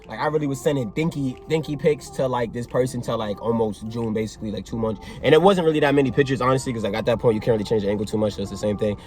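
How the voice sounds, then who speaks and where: A young man vlogging a storytime, excitable and slang-heavy, acting out both sides of a conversation. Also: medium pitch, rapid-fire, few pauses, faint music behind. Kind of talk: animated storytime vlog.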